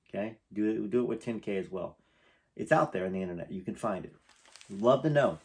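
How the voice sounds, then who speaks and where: Lowish-voiced male host reading a memoir, chatty asides, easily moved. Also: animated, fast talker, creaky, a little mellow. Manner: conversational, rambling, emotional asides. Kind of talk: reading a memoir aloud with commentary.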